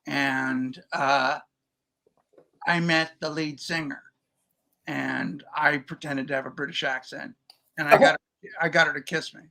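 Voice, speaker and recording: A male podcast co-host with a fairly high, forceful, bright voice. He tells loose, anecdotal stories in easy, casual chat. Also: measured pace, gravelly, pauses often. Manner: relaxed anecdotal storytelling.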